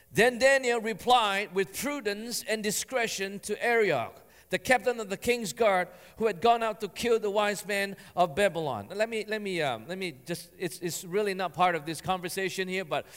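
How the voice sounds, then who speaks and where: A male pastor preaching with a fairly high voice, his words ringing out with a long hall echo. He is animated, acting out what people say, and slows right down when he reads scripture aloud. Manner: animated, acts out quotes in raised voice; slow emphatic reading of scripture. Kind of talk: sermon.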